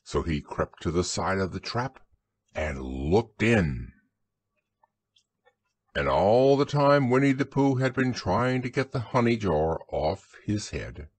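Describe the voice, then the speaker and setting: A man narrating a bedtime children's audiobook in a soothing, expressive storytelling manner. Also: on the low side, slow, breathy edge.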